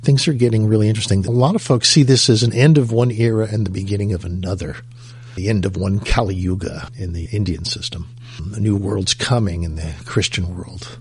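A man's voice: lowish voice, steady tone, fairly quick, a little hiss or hum. A man hosting a show, chatting casually and introducing segments. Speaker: show host. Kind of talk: casual chat.

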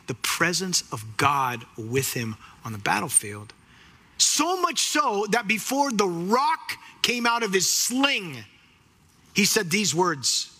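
A man delivers a sermon in a husky, high-pitched voice. He's animated and performs the voices of the people in the story he tells.

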